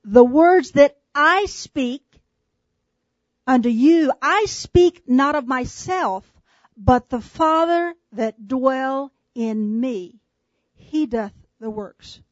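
A woman preaching a sermon to a small church, slowing to hushed emphasis on key lines and calling out listeners by name. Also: high-pitched, no room sound, muffled recording. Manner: shifts from brisk asides to slow, hushed emphasis; addresses congregation members by name.

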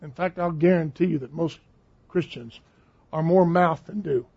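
A man's voice: on the high side, normal speed, slightly rough. A man preaching a sermon in a conversational, emphatic way, repeating phrases for stress. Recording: dull lo-fi recording.

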